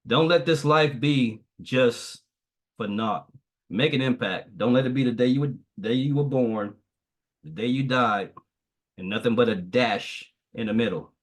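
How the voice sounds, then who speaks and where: A man's voice: medium pitch, normal speed. Man giving a preachy motivational training. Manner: preachy, repeats phrases, tells a parable. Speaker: guest trainer.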